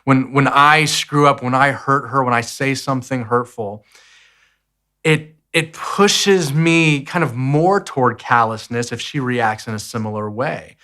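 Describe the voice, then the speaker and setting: A man's voice: medium pitch, pushed and bright. A man in his thirties hosting a podcast, giving an earnest, reflective teaching talk that tells stories and repeats key phrases.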